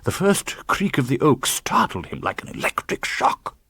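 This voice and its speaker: A man's voice: a little high, wildly swooping pitch, normal speed, vocal fry, bright, forceful tone, slightly rough, no echo. A man reading an audiobook in a dramatic, tense manner, close to the microphone. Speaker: audiobook narrator. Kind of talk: scripted audiobook narration.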